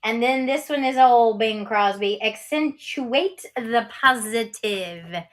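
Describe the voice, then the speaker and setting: A woman's voice: fairly high pitch, slow pace. A woman running a casual live-selling stream as an online auction seller, chatty and cheerful, with lots of ums and laughs.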